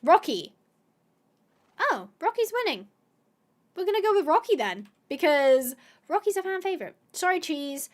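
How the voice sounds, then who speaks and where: Woman, high voice, gaming host, chatty, excitable, thinks aloud, talks to viewers. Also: normal speed, long pauses. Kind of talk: casual gameplay commentary to viewers.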